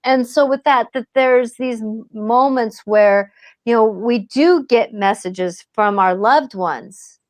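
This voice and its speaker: A woman working as a spiritual medium, speaking in a panel discussion in an earnest, gently reassuring way and acting out the messages she quotes. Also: fairly high pitch, slow, dry recording.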